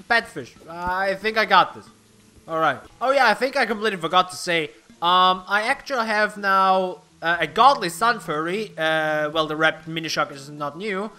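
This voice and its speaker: Excitable young man commenting on a game. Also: high-pitched, clean tone. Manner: excitable, swears casually, thinks aloud. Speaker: let's play host. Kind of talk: gameplay commentary.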